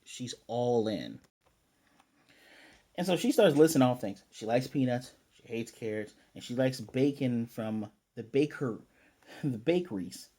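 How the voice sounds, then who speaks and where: A man's voice: mid-range voice, expressive, measured pace, warm tone. A man casually recapping an anime episode as a reviewer, rambling with lots of fillers and restarts.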